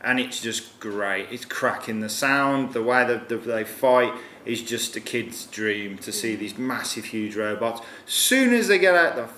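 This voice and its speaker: A man's voice: on the low side, fairly even intonation, unhurried, few pauses, bright, forceful tone. A man chatting animatedly as a film reviewer, swearing casually and slipping into silly voices. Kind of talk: casual chat. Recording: echoey room with faint noise.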